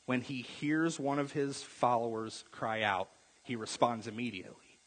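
A man preaching a sermon, animated and conversational, asking his congregation questions and dropping to quiet intensity on key points. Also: medium pitch, normal speed. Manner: asks the congregation direct questions. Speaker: pastor. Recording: long hall reverb.

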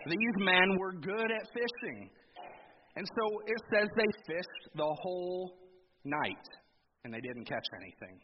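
A man's voice: high voice, very animated, slow. A male pastor preaching a conversational sermon, asking the congregation rhetorical questions. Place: church hall. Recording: reverberant hall, dull lo-fi sound with background noise.

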